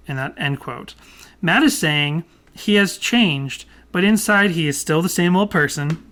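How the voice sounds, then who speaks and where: A young man co-hosting a podcast in casual chat, rambling at length, talking loudly and laughing often. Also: fairly high pitch, unhurried, clear, resonant tone. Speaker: podcast co-host.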